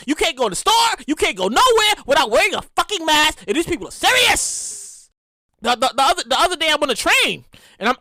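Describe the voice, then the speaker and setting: A high-pitched woman hosts her own podcast, launching into an animated, profane rant told casually like a story. There's no room sound, and the studio audio is clean.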